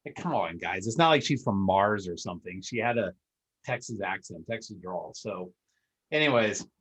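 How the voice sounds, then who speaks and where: A man's voice: lowish voice, expressive, moderate pace, slightly rough, poor audio. A man hosting a podcast, chatting casually in a loose, rambling way with many fillers. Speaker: podcast host. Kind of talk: casual interview chat.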